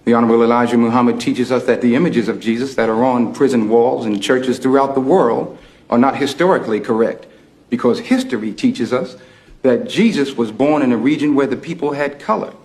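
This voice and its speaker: An actor playing a composed young minister who argues in a measured, preaching cadence. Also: male voice, medium pitch, darkish tone, natural voice. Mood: calmly defiant. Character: composed young male minister debating a prison chaplain.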